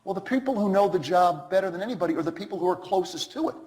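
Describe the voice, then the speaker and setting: A man giving a storytelling talk to students, acting out quoted dialogue with animated shifts of voice. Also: rapid-fire, rough recording. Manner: animated, acts out quoted dialogue with lively pitch swings. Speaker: guest speaker to students.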